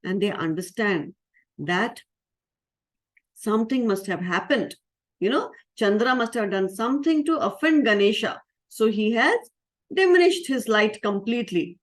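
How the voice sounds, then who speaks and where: A woman who is a spiritual teacher, telling a story to children in a lively way and asking them questions. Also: medium pitch, a little slow. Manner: lively, asks the audience questions.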